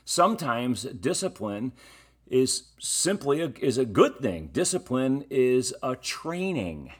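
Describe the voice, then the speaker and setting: Middle-aged guy preaching, slow and chatty, tells stories, punches the key words. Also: medium pitch, sing-song, slightly rough. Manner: conversational, story-telling, emphatic on key words. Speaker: pastor. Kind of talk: sermon.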